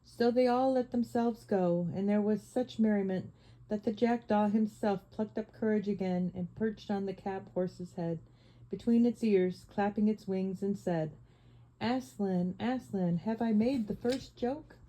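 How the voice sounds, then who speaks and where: A woman narrating a classic children's story aloud in a steady storybook reading. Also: medium pitch, a little slow, poor audio. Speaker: audiobook narrator. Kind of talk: scripted narration.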